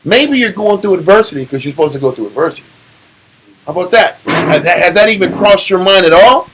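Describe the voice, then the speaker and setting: A man leading a casual Bible study, animated and full of rhetorical questions and slang. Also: sits high, fairly quick, slight background noise, rough recording. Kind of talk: casual scripture teaching.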